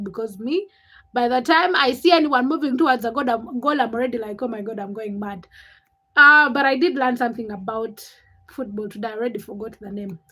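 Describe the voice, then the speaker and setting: Ugandan woman, livestream host, high bright voice, chatty and teasing with her chat. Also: slightly rough, poor audio. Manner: chatty and teasing, quick comebacks to viewers. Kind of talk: casual live-chat stream, reading and answering viewer comments.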